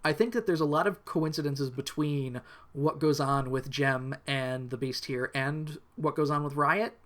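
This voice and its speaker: A man's voice: a little high, measured pace, a bit bright. A man co-hosting a podcast, recapping an episode in casual, rambling talk, swearing and restarting often. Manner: rambling, profane, many restarts. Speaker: podcast co-host.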